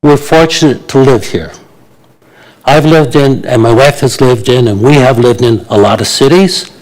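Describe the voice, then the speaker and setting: An elderly man in his eighties speaks to a council meeting with blunt indignation. He hesitates with frequent fillers, and his voice sits at a middling pitch. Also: moderate pace, a little mellow, rough recording. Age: 80s. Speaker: resident speaking at a public meeting. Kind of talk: public delegation to council.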